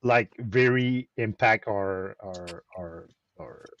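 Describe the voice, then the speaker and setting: A man's voice: lowish voice, slow pace, muffled recording. A man with a French Canadian accent, telling a story in a casual chat with many restarts. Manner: animated storytelling with repeated restarts. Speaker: host of a weekly chat stream.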